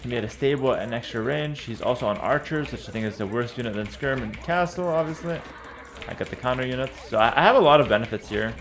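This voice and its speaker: A man casually commentating his own strategy game as he plays, relaxed and confident, often repeating and slurring his words. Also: mid-range voice, fast, slight background noise. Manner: stumbles, repeats and slurs words. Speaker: streamer playing a strategy game. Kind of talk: casual live gameplay commentary.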